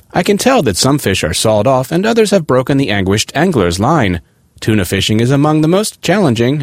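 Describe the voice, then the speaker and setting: A man reads a magazine article aloud, his pitch rising and falling with plenty of movement. His delivery is expressive and lively. The sound is dry and close, with no room around it. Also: no room sound. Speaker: article reader.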